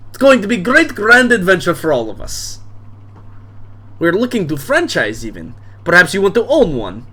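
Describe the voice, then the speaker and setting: Man doing a loud boozy bar-owner dad. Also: huge pitch swings, moderate pace, husky, heavily acted. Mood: pushy. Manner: booming, pushy, jovial. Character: loud boisterous hard-drinking bar-owner father.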